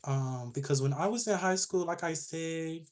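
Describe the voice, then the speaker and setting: A young woman hosting a livestream, telling a story to her chat in a sassy, animated way. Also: deep voice, moderate pace. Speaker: livestream host.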